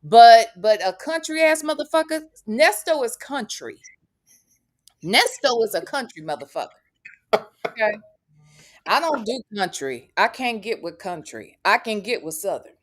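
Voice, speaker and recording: Blunt, profane woman with a high voice. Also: sing-song, a little slow. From US Midwest. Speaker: podcast host. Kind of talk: casual chat.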